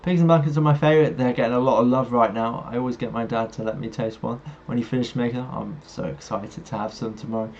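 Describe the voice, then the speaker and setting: A man's voice: medium pitch, steady tone, fast talker, few pauses, darkish tone. A man hosting a live stream, reading viewer messages aloud and chatting back to them casually. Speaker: livestream host. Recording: slightly dull audio, faint music behind. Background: faint background music.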